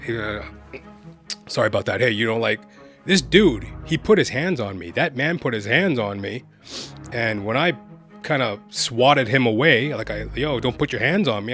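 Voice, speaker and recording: A man vlogging, telling a personal story in a casual, animated way and constantly checking in with the listener. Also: mid-range voice. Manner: animated, keeps adding "right?".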